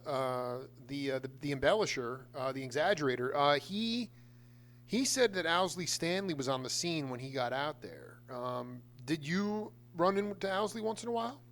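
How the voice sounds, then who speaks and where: A man's voice: on the high side, fairly bright tone. A man hosting a casual interview, asking long rambling questions with enthusiasm. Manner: rambling, many fillers and restarts, enthusiastic. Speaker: host.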